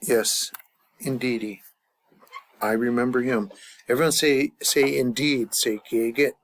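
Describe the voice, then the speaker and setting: A man's voice: mid-range voice, steady tone, measured pace. A man teaching a grammar lesson at a chart, thinking aloud with many fillers and restarts. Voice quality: gravelly. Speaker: language teacher.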